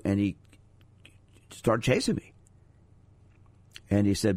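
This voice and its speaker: A middle-aged man with a lowish voice hosts a radio talk show as a sports psychologist. He speaks in a conversational, storytelling way and asks the audience rhetorical questions. The studio sound is dry and close. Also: normal speed, long pauses, a little mellow, no room sound. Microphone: studio microphone.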